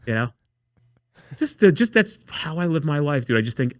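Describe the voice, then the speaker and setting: A podcast guest with a voice on the high side tells wild stories at a moderate pace, recorded dry with clean studio sound. He's casual and animated, swears a lot, and acts out what other people said.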